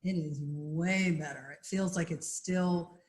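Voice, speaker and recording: Joking woman with a low voice. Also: measured pace, a little mellow. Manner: chatty and joking. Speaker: co-host. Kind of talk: casual chat. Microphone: video call.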